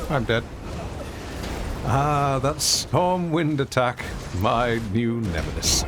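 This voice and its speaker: A man's voice: mid-range voice, animated, slow, over music. A man streaming a video game, giving casual, playful, self-mocking commentary as he plays.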